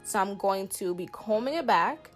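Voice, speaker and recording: At a normal speed and in an expressive mid-range voice, a woman in her twenties chats to camera about doing her hair. She's a beauty vlogger with a Southern US country accent, playful and emphatic, and she uses lots of fillers. Soft music plays behind her.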